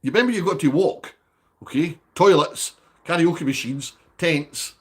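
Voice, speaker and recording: A man's voice: fairly high pitch, normal speed, breathy edge. A man hosting a live stream, chatting casually and bantering with viewers by name. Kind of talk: casual livestream chat reading viewer comments.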